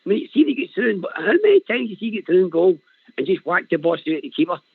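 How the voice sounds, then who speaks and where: A Scottish man calling in to a radio show, chatting in an animated, rambling way and laughing often. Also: high-pitched, fast talker, slightly rough, no echo. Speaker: caller. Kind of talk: casual chat on a call-in show. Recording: tinny phone line.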